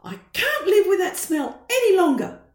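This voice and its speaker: A woman voicing an exasperated mother who is fed up with the family dog's smell, in a shrill, indignant storybook voice. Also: very animated, moderate pace. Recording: roomy echo.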